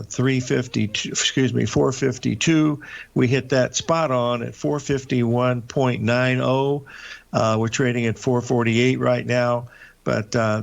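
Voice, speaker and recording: Gravelly older man talking market charts. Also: mid-range voice. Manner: rambling, folksy, many filler uhs and restarts. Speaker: market show host. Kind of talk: live market commentary over charts. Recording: dull lo-fi broadcast audio.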